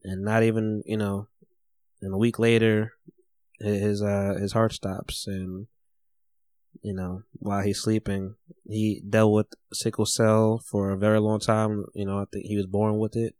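A man hosting a casual podcast, who talks haltingly and in a soft, subdued way. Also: on the low side, flat delivery, no room sound, studio quality. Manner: halting, soft-spoken and subdued during the tribute. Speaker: podcast host.

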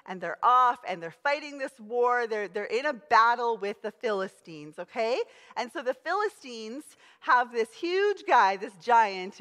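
A woman's voice: medium pitch, fairly bright tone. Emphatic woman preacher in a reverberant hall. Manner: emphatic, conversational storytelling. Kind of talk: sermon. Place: church auditorium.

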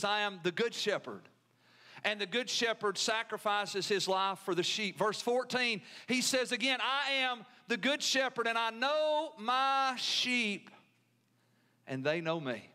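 A man's voice: sits high, animated, a little slow, pushed and bright. A man with a Southern US accent preaching a sermon as pastor, with emphatic repetition and call-and-response to the congregation.

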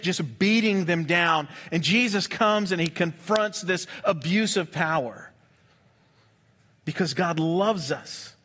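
A man preaching a sermon in a conversational, humorous way, with quick asides to the congregation. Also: sits high, a bit bright. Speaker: pastor.

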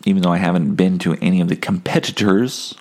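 A man's voice: low-pitched, steady tone, quick pace, darkish tone. A man telling a rambling, profane, self-mocking story in a casual monologue as a comedian hosting his own podcast.

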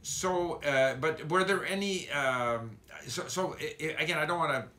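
Bright-voiced thoughtful male interviewer. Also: a little high, a little slow. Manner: thoughtful, restarts often, sums up the guest's points. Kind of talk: casual conversational interview.

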